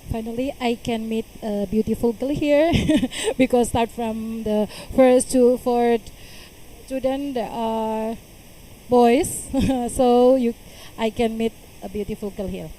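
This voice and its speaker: A woman with an Indonesian accent chats with a contestant as a judge, friendly and teasing. Her voice is mellow and a little high, and she speaks slowly. Faint noise lies underneath. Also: fairly even intonation, low-quality recording. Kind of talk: casual questioning.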